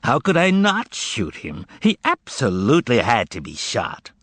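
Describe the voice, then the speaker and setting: A man voicing a blunt, deadpan male hitman in an audiobook. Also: medium pitch, a little slow, breathy edge, no echo, voice pushed up, exaggerated voice. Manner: terse, deadpan. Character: blunt, cold male hitman, matter-of-fact. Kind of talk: audiobook character voice.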